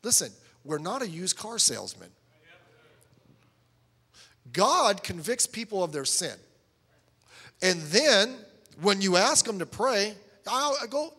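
A man's voice: high voice, big pitch swings, takes it slowly, long pauses, sharp tone, breathy edge, big-room sound. A middle-aged man preaching a sermon as a pastor, telling stories and acting out both sides of conversations.

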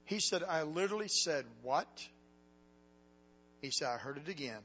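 A man preaching a sermon, telling a story with dramatic swings from hushed tones to loud cries. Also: on the high side, lively intonation, moderate pace, long pauses, long reverb tail. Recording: dull lo-fi recording with faint hum.

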